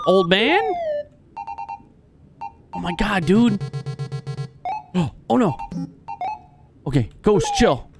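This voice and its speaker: Excitable man reacting to a game. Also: high-pitched, extremely slow, long pauses. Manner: excitable, jokey, swearing reactions. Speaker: let's play host. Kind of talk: gameplay commentary. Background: game music.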